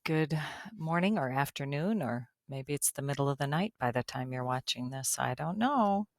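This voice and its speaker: Middle-aged woman, low pitch, folksy math teacher recording a lesson, friendly asides. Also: expressive, normal speed, dry recording, studio quality. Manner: chatty, folksy, joking asides.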